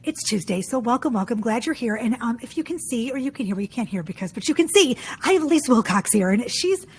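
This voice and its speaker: A woman hosting a podcast interview, talking in an excitable, emotional, gushing way with lots of restarts. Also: fairly high pitch, fast, breathy edge. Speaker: podcast host. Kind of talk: casual interview chat.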